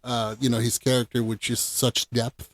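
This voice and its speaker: A man's voice: mid-range voice, flat delivery, normal speed. A man hosting a casual film review podcast, talking enthusiastically and emphatically. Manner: enthusiastic, emphatic, laughs easily. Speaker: podcast host.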